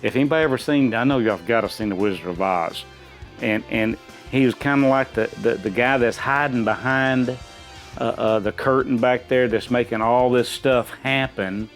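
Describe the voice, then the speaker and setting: A middle-aged man rambles through his answers in a folksy, easygoing way, stopping and restarting often. His pitch sits in an ordinary middle range, with soft music playing faintly behind him. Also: normal speed. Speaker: quiz contestant. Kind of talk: casual chat.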